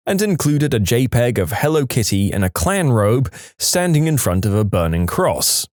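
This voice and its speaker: A man narrating reddit stories in an expressive, scripted way. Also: mid-range voice, moderate pace, dry recording, clean studio sound.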